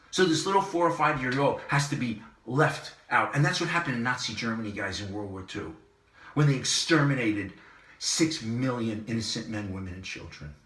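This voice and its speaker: A man hosting his own commentary channel, delivering an impassioned monologue that repeats phrases and swings between loud and soft. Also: sits high, brisk, roomy sound, far from the mic. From Southern California. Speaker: online commentary host.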